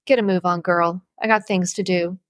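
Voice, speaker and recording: A woman voicing a brutal, abusive farmer father with a gruff, threatening manner, in a plain, close, dry audiobook read. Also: fairly low pitch, fairly even intonation, moderate pace, no echo, natural voice. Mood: harsh. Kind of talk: audiobook character voice.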